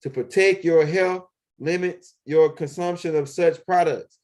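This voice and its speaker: A man's voice: on the high side, fairly even intonation, a little slow, a little mellow. A man, rambling casually and profanely as he walks around his home, with lots of fillers. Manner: loose, profane street talk with many fillers. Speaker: video blogger. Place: at home, walking around the house and backyard.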